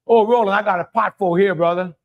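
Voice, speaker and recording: A man's voice: high voice, steady tone, fast talker, muffled recording. A middle-aged man with a Cajun accent hosting a live cooking stream, talking in a folksy way and greeting viewers by name. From Louisiana. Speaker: cooking show host.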